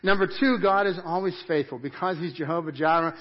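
A man delivering a church sermon in a fairly high voice, rising to loud emphatic peaks and dropping to hushed, intense stretches. The recording is muffled and lo-fi. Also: fairly quick. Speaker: pastor. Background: church congregation.

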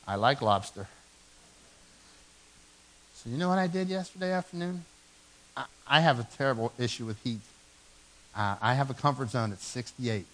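A man in his forties preaching a sermon in a church, telling stories with animated, self-mocking humor. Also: medium pitch, fairly quick, low-quality recording. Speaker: pastor. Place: church sanctuary.

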